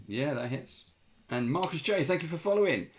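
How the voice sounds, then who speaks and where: Lively game master. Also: male voice, fairly high pitch, background noise. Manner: lively, brisk rulings, thanks chat. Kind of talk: running a tabletop game on a livestream.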